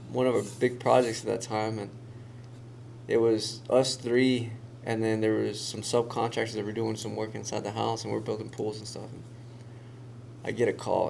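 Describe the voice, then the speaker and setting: A man telling a story in casual conversation, animated and acting out the voices of the people in it. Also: on the low side, vocal fry, a little hiss or hum. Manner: animated storyteller who acts out quoted voices. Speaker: guest.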